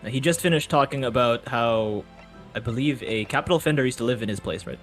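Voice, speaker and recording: A man's voice: mid-range voice, fast talker, faint music behind. A man chatting casually while playing a game with friends, rambling and restarting his sentences. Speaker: let's-play player. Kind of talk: casual chat over a game.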